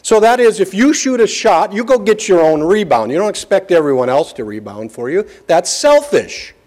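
A middle-aged man preaching in an easygoing, folksy way, his voice sitting a little high. He leans on slow, deliberate phrases to drive each point home. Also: animated, darkish tone. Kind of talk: sermon with personal story.

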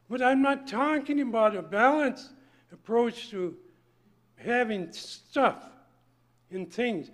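Older male preacher, high voice, folksy and emphatic sermon delivery. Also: lively intonation, unhurried. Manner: folksy, emphatic, swings from loud to hushed.

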